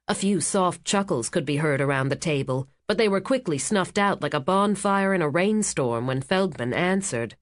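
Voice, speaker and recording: An audiobook narrator reading a thriller in a steady, even scripted narration. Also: medium pitch, moderate pace, few pauses, dry recording, studio quality.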